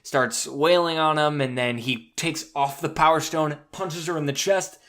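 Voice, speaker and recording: A man hosting a podcast, excitedly recapping a movie in casual chat, swearing and saying "dude" a lot. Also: fairly high pitch, unhurried. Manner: animated, swears freely, says "dude" often. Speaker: podcast host.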